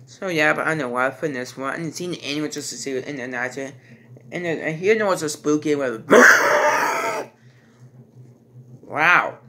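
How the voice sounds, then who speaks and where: A man giving a casual, rambling movie review, halting and restarting his sentences and stringing thoughts together with "and then". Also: on the high side, bright, forceful tone.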